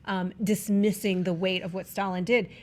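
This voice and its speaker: A woman's voice: medium pitch, steady tone, normal speed. A woman co-hosting a casual film chat, talkative and enthusiastic about movies. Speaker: film show co-host.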